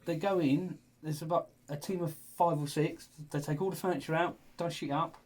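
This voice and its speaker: A man's voice: fairly high pitch, normal speed. A middle-aged man co-hosting a radio show, telling rambling stories in casual banter. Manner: lively, rambling storyteller. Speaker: radio co-host.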